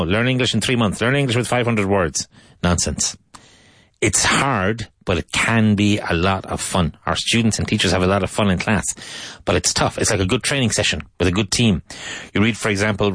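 Deep-voiced man giving a rambling English lesson. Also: a bit bright, dry recording. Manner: rambling and chatty, with frequent restarts; slow, repeated drilling of vocabulary words. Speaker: English teacher and radio host. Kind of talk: casual radio English lesson.

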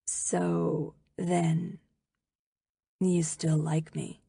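A woman reading the part of a confident, teasing teenage boy in an audiobook, lowering her voice a little for him. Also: normal speed, gravelly, darkish tone, no room sound, studio quality. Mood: hushed.

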